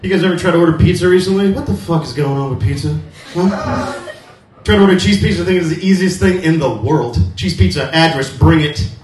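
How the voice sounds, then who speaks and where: A man from Cuba hosting and doing stand-up in a comedy club, animated and slipping into high-pitched character voices. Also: a little fast. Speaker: comedy show host and comedian. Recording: echoey room, distant mic, faint noise.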